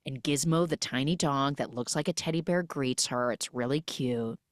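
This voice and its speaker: A woman hosting a podcast, recapping a film in a sarcastic, animated way. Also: extremely low pitch, normal speed, no room sound, studio quality. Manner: sarcastic, animated, mimics characters in exaggerated voices. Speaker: podcast host.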